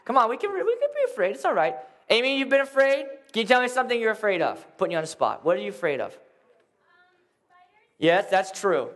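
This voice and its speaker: A young man preaching to a congregation, telling a story with animated, acted-out screams and voices. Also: high-pitched, quick pace. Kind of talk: lively children's sermon storytelling.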